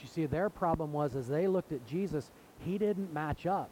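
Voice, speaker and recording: A man's voice: on the high side, lively intonation, normal speed, warm tone, a little hiss or hum, rough recording. A man preaching a sermon in an earnest way, now and then acting out the voices of people in the story. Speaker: pastor.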